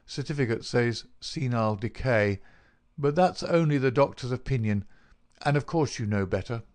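A man's voice: mid-range voice, darkish tone, natural voice. A man voicing a big, bald, unctuous male swindler in an audiobook, his talk oily and mocking. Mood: gloating. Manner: oily, made-everything-easy talk. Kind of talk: audiobook character reading.

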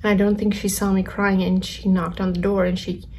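A young woman vlogger telling a personal story in a soft, halting way that often sinks to a whisper. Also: medium pitch, little pitch movement, slight background noise.

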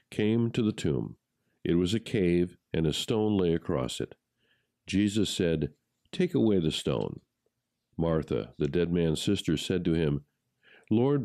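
A man reading a gospel passage aloud in a measured, solemn way. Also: sits low, warm tone, dry recording, clean studio sound. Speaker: gospel reader. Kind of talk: scripture reading.

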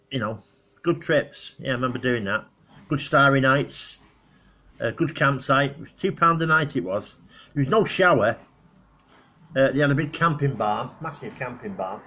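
A middle-aged man with a husky, slightly rough voice. He talks to his own channel in a loose, rambling way, filling gaps with "you know" and "uh". His pitch sits in an ordinary middle range, and he chuckles at his own tales. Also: pushed and bright. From northwest England. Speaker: vlogger. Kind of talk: casual rambling reminiscence.

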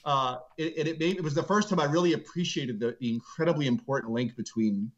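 A middle-aged man, a seminary professor, speaking as an interview guest and telling stories earnestly, slowing down to stress a point. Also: on the high side. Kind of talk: reflective interview storytelling. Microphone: video call. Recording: dull lo-fi video call audio.

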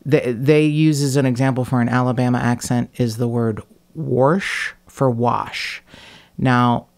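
A woman from the United States hosts a casual podcast chat. Her voice carries a gravelly fry, and she rambles in a self-mocking, joking way, with swearing here and there. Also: extremely low pitch, little pitch movement, moderate pace, a little mellow. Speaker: podcast host.

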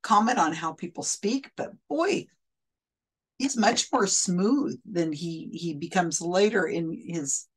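A woman's voice: on the low side, slow, breathy edge. A woman giving casual, skeptical commentary on a psychic's readings, talking conversationally with fillers and restarts. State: hiccups.

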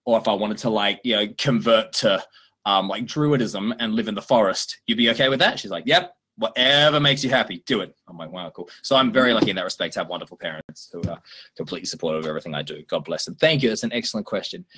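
A man hosting a livestream and answering viewer questions in a chatty, animated way, often laughing. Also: fairly low pitch, quick pace, husky. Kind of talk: casual chat.

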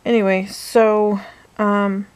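A woman's voice: medium pitch, flat delivery, takes it slowly, slight background noise. A woman vlogging casually from her bed at night, rambling through a story and now and then dropping to a whisper. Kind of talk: casual bedtime vlog chat. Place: bedroom, in bed.

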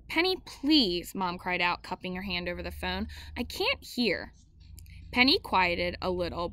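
A woman reading a novel aloud in steady first-person narration, with small slips she corrects as she goes. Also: medium pitch, dry recording.

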